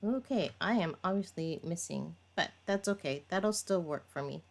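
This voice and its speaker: A woman's voice: on the low side, normal speed, gravelly, hardly any pauses, slight background noise. A woman vlogger chatting casually as she walks through a manicure step by step, narrating while she works and laughing at her own slips. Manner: chatty, talks while working, laughs at herself. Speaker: nail tutorial vlogger.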